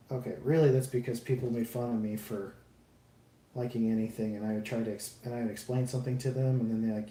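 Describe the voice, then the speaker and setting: A man's voice: medium pitch, steady tone, fast, mellow. A man live streaming while building a model kit, chatting casually with viewers in a rambling, self-deprecating way and swearing freely. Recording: roomy echo, faint background noise.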